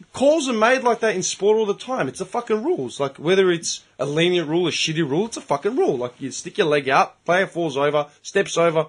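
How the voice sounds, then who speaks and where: A middle-aged Australian man telling a story in casual podcast chat, animated and profane. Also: fairly high pitch. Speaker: podcast host.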